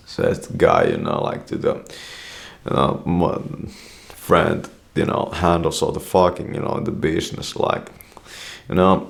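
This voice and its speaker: A man's voice: a bass voice, expressive, a little slow, vocal fry. A man telling a meandering story, swearing constantly and dropping "you know" after nearly every phrase. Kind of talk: rambling storytelling.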